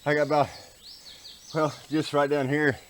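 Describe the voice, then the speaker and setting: A man's voice: on the high side, flat delivery, moderate pace, slight background noise. A man filming himself on a forest hiking trail, chatting folksy and casual to viewers while out of breath from the climb. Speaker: hiking vlogger. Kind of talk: casual outdoor vlog narration.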